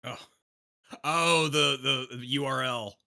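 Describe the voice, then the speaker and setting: A man's voice: mid-range voice, steady tone, slow pace, sharp tone. A man co-hosting a live stream, joking around and chuckling in casual chat.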